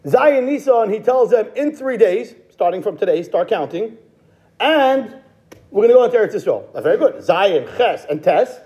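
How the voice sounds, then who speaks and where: A man's voice: sits high, big pitch swings, normal speed, dark tone, husky. A man teaching a Talmud class, chanting quoted texts and explaining them step by step in English. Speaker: Torah teacher.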